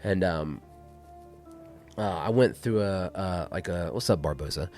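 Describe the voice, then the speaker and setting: A man's voice: low voice, a little slow, darkish tone, soft background music. A man co-hosting a podcast, telling ghost stories in a rambling, profane, casual way that often trails off into a mumble. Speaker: podcast co-host. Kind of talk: casual chat.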